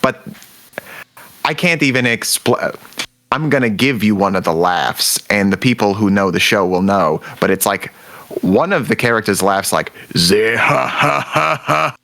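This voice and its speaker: Young man, podcast co-host, lowish voice, rambling casual chat. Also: moderate pace. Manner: rambling, searches for words, animated when excited.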